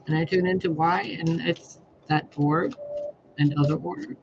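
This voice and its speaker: A man's voice: a little high, a little slow, highs cut off, noisy background. A man doing tarot readings, talking in a rambling, blunt way with a lot of swearing. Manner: profane, expressive, blunt. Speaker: tarot reader. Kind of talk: rambling casual monologue.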